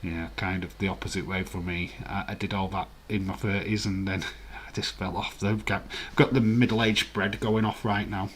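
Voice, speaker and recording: Male streamer in his forties, lowish voice, easygoing rambling chat. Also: flat delivery, normal speed, few pauses, a little hiss or hum. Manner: laid-back, rambling commentary with filler words. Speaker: streamer hosting a live watch-along. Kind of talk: casual live-stream chat, reading viewer comments.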